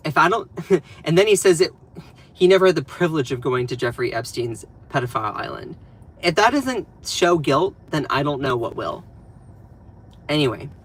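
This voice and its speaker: A man's voice: on the high side, fairly bright tone, husky. A man with a Southern US accent giving casual live-stream commentary, emphatic and repeating phrases for stress.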